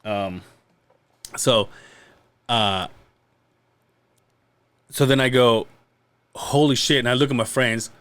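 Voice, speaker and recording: A man from Mexico tells a rowdy story in casual chat, his medium-pitched voice smooth and slow with long pauses. He swears freely, stays animated, and acts out other people's lines.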